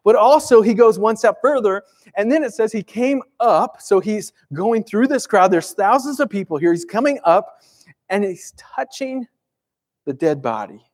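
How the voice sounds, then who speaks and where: Pastor, man, slightly high voice, chatty emphatic sermon delivery. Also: animated, normal speed, darkish tone. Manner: conversational, emphatic, asks rhetorical questions.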